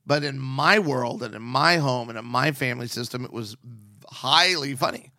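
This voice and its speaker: A middle-aged man co-hosting a talk podcast, telling stories in a sarcastic, animated way. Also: medium pitch, normal speed, no echo, clean studio sound. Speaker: podcast co-host. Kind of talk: casual chat.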